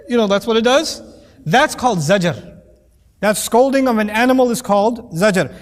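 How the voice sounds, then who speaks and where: A man teaching a lecture on Quranic Arabic, animated and playful, acting out quoted voices as he explains. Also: high-pitched, normal speed, in a large hall.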